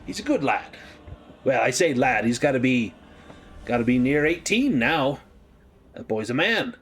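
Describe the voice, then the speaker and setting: A man's voice: medium pitch, very animated, measured pace, breathy edge. A man voicing an easygoing male graveyard keeper who rambles in a folksy, rustic way. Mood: chatty.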